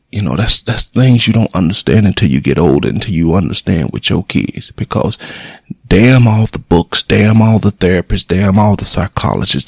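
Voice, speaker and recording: Middle aged radio host guy telling a personal story, real deep and husky, dry close mic, emotional and blunt. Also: no echo. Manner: emotional, plainspoken, blunt with cursing.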